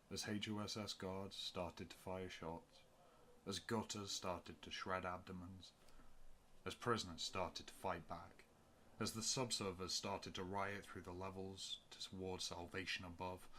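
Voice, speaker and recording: Male audiobook narrator, low voice, steady measured read. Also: a little hiss or hum.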